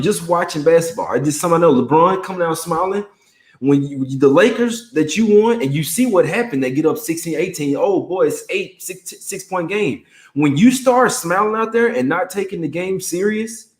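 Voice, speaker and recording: A man's voice: on the high side, reverberant, low-quality recording. A young man hosting a casual sports betting livestream, chatting in a laid-back slangy way and greeting viewers by name.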